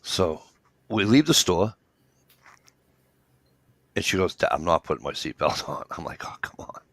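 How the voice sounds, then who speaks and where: A man's voice: sits low, lively intonation, normal speed, a bit bright, no echo. A man in his fifties in rambling casual chat, swearing freely as he tells stories. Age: 50s. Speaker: podcast co-host.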